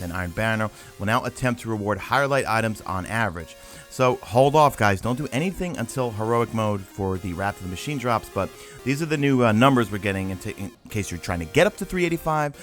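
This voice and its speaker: A man with a fairly low voice runs through a game update in a casual, emphatic way, addressing his viewers directly. Faint music plays underneath. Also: lively intonation, quick pace, a bit bright. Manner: emphatic, talks straight to viewers. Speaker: gaming YouTuber.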